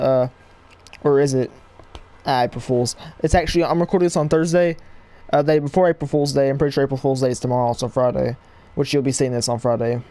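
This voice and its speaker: A young man rambling excitedly to viewers as he plays a game, recorded at home with game music behind him. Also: fairly high pitch. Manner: excitable, rambling, talks to viewers while playing. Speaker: gaming YouTuber. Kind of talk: casual let's-play commentary. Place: home room, people audible outside.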